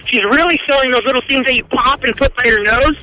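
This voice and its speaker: Very high, bright-voiced male caller. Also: fast talker, rough recording. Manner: joking, relaxed, slangy. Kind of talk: casual phone-in chat.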